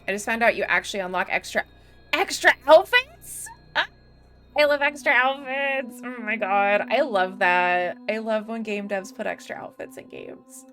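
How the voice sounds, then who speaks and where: A woman's voice: mid-range voice, moderate pace, a bit bright. A chatty young woman live-streaming a game, talking casually to her viewers. She swears freely and fills her talk with fillers and laughs. Faint game music runs underneath.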